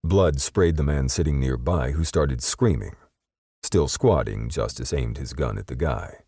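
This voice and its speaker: A man's voice: rumbling low, measured pace, dark tone, dry recording, studio quality. A man narrating an audiobook in a dramatic, scripted way.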